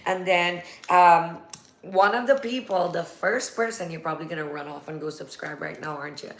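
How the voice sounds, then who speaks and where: A woman's voice: lowish voice, moderate pace, fairly bright tone. A woman hosting a casual live-stream chat, talking at length and rambling with easy laughs. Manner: chatty, rambling, laughs easily. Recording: echoey room.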